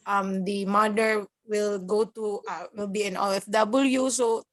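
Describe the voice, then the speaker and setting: Slow, halting Filipino woman guest. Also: a little high. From Philippines. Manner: halting, mixes English and German, laughs through tears. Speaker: guest, nurse working abroad. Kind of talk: emotional podcast interview.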